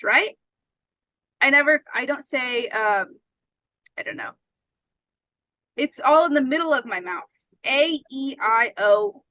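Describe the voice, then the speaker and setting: A woman's voice: sits high, pushed and bright, dry recording, low-quality recording. A woman teaching an English pronunciation lesson, patient and often checking that her students understand.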